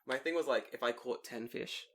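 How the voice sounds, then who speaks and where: A man's voice: medium pitch, a little fast, a little hiss or hum. A man in his late twenties co-hosting a casual podcast, telling stories with lots of energy, swearing and laughing. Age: 20s. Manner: animated storytelling, swears freely, laughs often. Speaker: podcast co-host. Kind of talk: casual chat.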